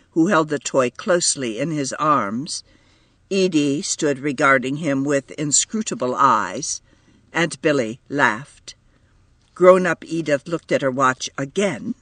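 A man narrating a storybook in a measured, expressive reading voice. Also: a little high, no echo. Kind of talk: audiobook narration.

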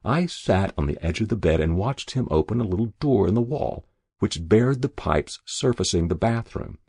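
A man's voice: on the low side, expressive, moderate pace, gravelly, darkish tone, breathy edge, no room sound. A man reading a first-person story aloud in a dry narrator's voice. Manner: dry first-person narration, voicing each figure lightly.

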